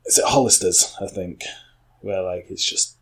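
A man's voice: sits low, steady tone, normal speed. A young man, co-hosting a podcast in casual, rambling chat full of fillers and restarts. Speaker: podcast co-host.

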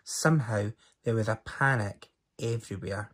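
Expressive man reading a children's story. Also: fairly low pitch, normal speed, breathy edge. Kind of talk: storybook read-aloud.

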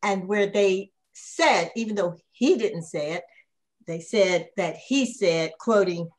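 A woman's voice: medium pitch, slow, a little mellow. A woman history professor speaking on a panel, thoughtful, with many fillers and restarts. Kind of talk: panel discussion.

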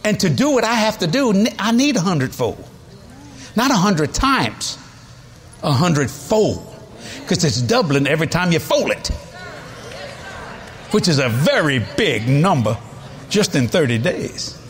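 A man's voice: fairly high pitch, big pitch swings, normal speed, slight background noise. A man, preaching a sermon in a folksy, storytelling way with chuckles. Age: 70s. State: has a cold.

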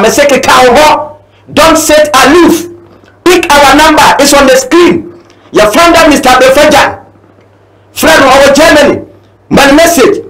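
A man's voice: extremely high pitch, a bit bright, roomy sound. A man with a Ghanaian accent, speaking as a guest with fiery, declaiming political passion and switching between languages. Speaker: guest, party supporter. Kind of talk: impassioned political talk.

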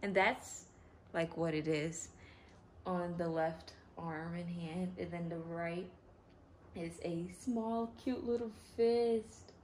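Woman doing an unboxing vid, slow talker, super gushy and keeps repeating stuff, bit of noise in the back. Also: lowish voice. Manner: gushing, excitable, repeats herself. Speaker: reborn doll channel host. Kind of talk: unboxing vlog narration.

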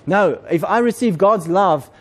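High-voiced man preaching. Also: lively intonation, a little slow. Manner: conversational, repeats words, asks the congregation questions. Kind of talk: sermon.

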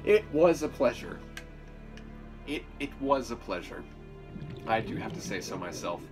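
Playful, lively-voiced gaming man. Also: medium pitch, unhurried. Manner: playful, chatty, gushes and talks to game creatures. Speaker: let's play host. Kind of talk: casual gaming commentary. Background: game music.

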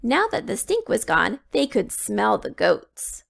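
A woman reading a children's storybook aloud, slow and expressive. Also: on the high side, vocal fry. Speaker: children's book reader.

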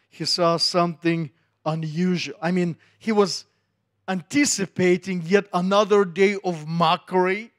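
A middle-aged man preaches, his voice pitched fairly high for a man. He takes his time, speaking slowly and deliberately, and brings the story to life by acting out the voices of its people. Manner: animated storytelling, acting out voices of biblical figures. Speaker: pastor. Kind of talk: sermon.

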